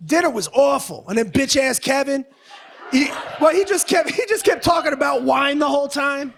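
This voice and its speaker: A male stand-up comedian with a very high-pitched, expressive and slightly bright voice rants in a brash, profane style at a normal speed. He works the room on a stage mic with clear audience noise behind him, and his set is loose and combative.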